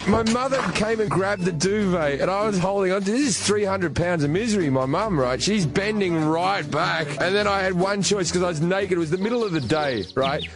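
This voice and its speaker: A man with an Australian accent telling a crude stand-up story, shouting out the quoted lines. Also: high voice, a little fast, few pauses. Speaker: comedian. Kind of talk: stand-up comedy bit.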